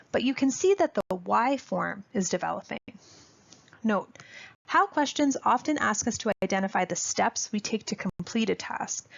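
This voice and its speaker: A woman presenting a parenting webinar on child language, in clear, instructive scripted narration aimed at parents. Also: a little high. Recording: dull lo-fi audio.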